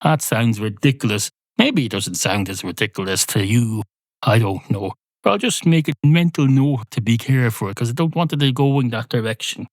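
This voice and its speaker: A man hosting a rambling solo comedy podcast, deadpan and absurd, swearing at imagined listeners. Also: mid-range voice, normal speed, no echo. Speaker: podcast host.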